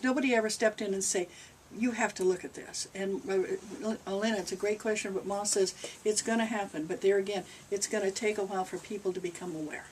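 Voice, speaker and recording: Older woman rambling through a spiritual Q&A. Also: mid-range voice. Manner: rambling, conversational, relays a spirit's answers. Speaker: channeling reverend. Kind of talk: spiritual Q&A talk to a group. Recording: distant mic with faint noise.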